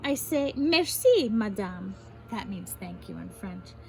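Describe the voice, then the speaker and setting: A woman, a teacher, reading a picture book aloud to children in an animated way, stopping to explain the fancy words. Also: fairly low pitch, normal speed, gravelly, faint music behind, rough recording.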